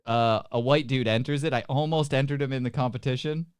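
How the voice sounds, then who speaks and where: A Canadian man hosting a comedy podcast, with a smooth, clear voice recorded dry and close. He talks in loose, joking banter, laughs often and slips into put-on voices. His pitch sits at an average height. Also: fairly even intonation, a little fast, no room sound. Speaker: podcast host.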